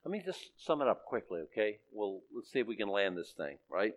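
A man's voice: lowish voice, very animated, a little fast, hardly any pauses, muffled recording. A man preaching a sermon as pastor, conversational and plain-spoken, rising to emphatic peaks.

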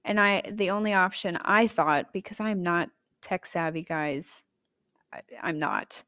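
A young adult woman hosting a podcast, chatty and candid, telling a personal story with emotive jumps in pitch and loudness. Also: a little slow, clear, resonant tone. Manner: chatty and candid, addressing listeners directly. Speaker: podcast host.

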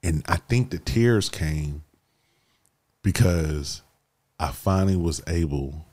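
Man, very deep voice, casual storyteller, animated, keeps saying bro. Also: slow. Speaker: guest sharing his life story. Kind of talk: emotional personal storytelling.

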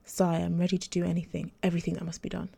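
A woman's voice: fairly low pitch, completely flat delivery, racing, vocal fry, dark tone, husky, no room sound, full character voice. A woman voicing an eager, devoted male guard pledging loyalty.

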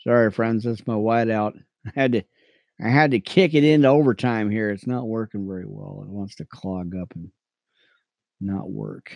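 A man teaching the Bible on radio, reading verses aloud between excited, chatty asides to his listeners. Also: on the low side, moderate pace, creaky, no room sound. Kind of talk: reading scripture with commentary.

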